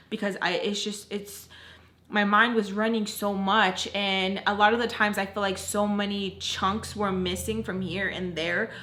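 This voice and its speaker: A young woman telling a personal story in a casual, chatty way, full of "like", with animated retelling. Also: mid-range voice, moderate pace. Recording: roomy echo.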